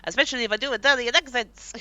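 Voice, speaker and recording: A young woman streaming a game and chatting casually, animated and laughing often. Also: fairly high pitch, fast. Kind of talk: casual live-stream chat.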